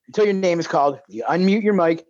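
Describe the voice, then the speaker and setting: A man's voice: sits high, fast talker. A man co-hosting a podcast, telling a story in a casual, profane way and mimicking the people in it. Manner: animated, profane, mimics voices in his stories. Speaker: podcast co-host. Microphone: video call. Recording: dull lo-fi sound.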